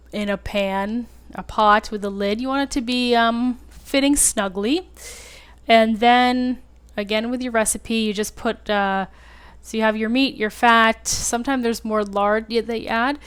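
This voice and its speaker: A woman's voice: fairly high pitch, steady tone, unhurried, clean tone. A woman hosting a casual cooking tutorial, chatty and self-deprecating, with lots of fillers. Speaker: home cooking channel host.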